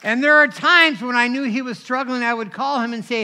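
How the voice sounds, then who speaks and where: Bright high-voiced male preacher. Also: brisk, few pauses. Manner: animated, conversational, asks the crowd for responses. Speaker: pastor. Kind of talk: sermon with personal stories.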